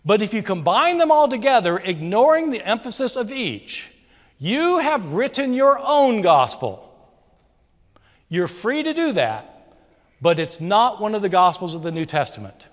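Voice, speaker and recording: Animated man lecturing in a hall. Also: high-pitched, a little slow. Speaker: debater. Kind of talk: formal debate speech. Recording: reverberant hall.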